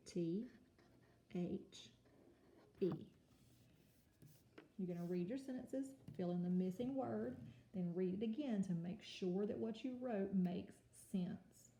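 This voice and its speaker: A woman teaching a kindergarten home-learning lesson, speaking slowly and carefully and sounding out words for young children. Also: medium pitch, dark tone. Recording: echoey room with faint noise.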